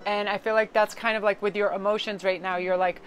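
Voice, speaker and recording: A woman's voice: medium pitch, little pitch movement, fast talker, faint music behind, rough recording. A middle-aged woman from Connecticut giving a casual, chatty tarot card reading. She swears casually and slips into joke accents now and then. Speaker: tarot reader.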